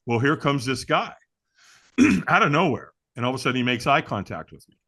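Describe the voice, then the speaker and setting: A man guest on an interview show, telling a personal story with lively, acted-out quotes and frequent restarts. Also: mid-range voice, brisk, breathy edge. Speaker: guest, firewalk instructor.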